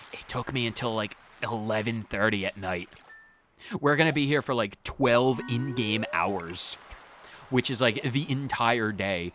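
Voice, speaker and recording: A man hosting a let's play, giving rambling, animated commentary and often repeating himself. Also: mid-range voice, a little hiss or hum. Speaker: gaming channel host.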